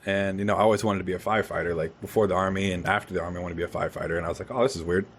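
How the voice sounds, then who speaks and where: Young guy w a lowish voice rambling thru a wild dream story, swears a lot. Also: racing, slight background noise. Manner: animated storytelling, swears freely. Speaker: podcast host. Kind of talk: casual chat.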